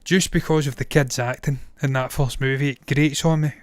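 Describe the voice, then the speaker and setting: A tired, strained-sounding man in his thirties, a film reviewer and live-streamer, chats casually on stream in a mid-range voice with fairly even intonation at normal speed. He's blunt and opinionated and swears freely, and there's no room sound.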